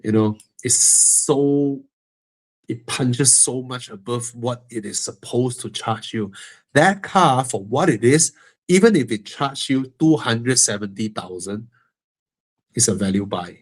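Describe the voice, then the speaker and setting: A man with a Malaysian English accent hosts a live Q&A stream answering car-buying questions, speaking at medium pitch and a measured pace. He is frank and joking, and a stuffy nose makes him breathe heavily.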